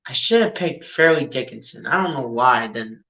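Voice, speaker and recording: Excitable fan man calling a game. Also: mid-range voice, brisk, gravelly. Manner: chatty and excitable, often says "dude". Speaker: streamer doing live play-by-play. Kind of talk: casual fan play-by-play commentary.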